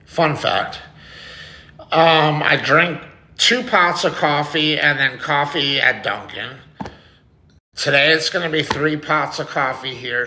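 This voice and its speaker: A man's voice: fairly high pitch, pushed and bright, a little hiss or hum. A man hosting a casual livestream, chatting to viewers, reading their comments aloud and swearing freely. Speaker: livestream host.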